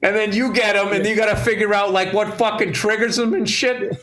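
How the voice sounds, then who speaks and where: A man with a fairly high voice co-hosts a casual comedy podcast. He tells rambling, profane stories and keeps breaking into laughter. His delivery is loose and conversational. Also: steady tone, fairly quick, fairly bright tone, a little hiss or hum.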